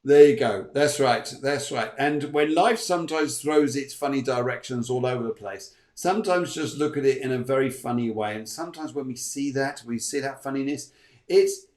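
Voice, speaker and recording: A man's voice: mid-range voice, moderate pace, echoey room, soft background music. Upbeat chatty male medium host. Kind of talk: live online reading show.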